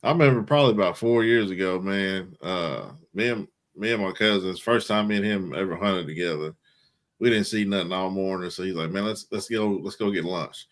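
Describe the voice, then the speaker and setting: A man with a bright, forceful voice tells a laid-back story as a podcast co-host. His speech is casual and full of slang. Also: deep voice. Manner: relaxed, drawn-out anecdote with slang.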